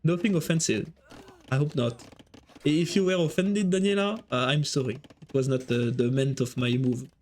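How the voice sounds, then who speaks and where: A man giving live esports commentary, excitable and joking as he jumps between calling the play and chatting with viewers. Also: a little high, normal speed, a little hiss or hum. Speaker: esports caster.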